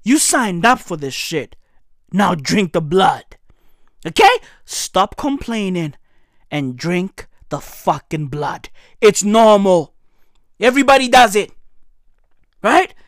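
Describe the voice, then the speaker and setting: A woman's voice: mid-range voice, sing-song, takes it slowly, long pauses, no room sound, clean studio sound. Incredulous woman ranting. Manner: incredulous, exaggerated, swings into shouting. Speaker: comedic commentator. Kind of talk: comedic rant to camera.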